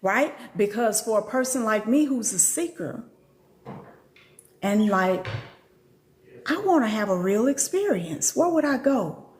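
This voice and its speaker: A woman's voice: lively intonation, a little slow, pauses often, a little mellow. A middle-aged woman, a spiritual teacher, talking casually on a live stream with slangy, profane storytelling that jumps into quoted voices. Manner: acts out quotes in a much higher voice.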